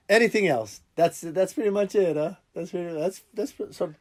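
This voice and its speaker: Joking podcast host, higher voice. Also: male voice, normal speed. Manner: joking, rambling, laughs often. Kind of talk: casual podcast chat.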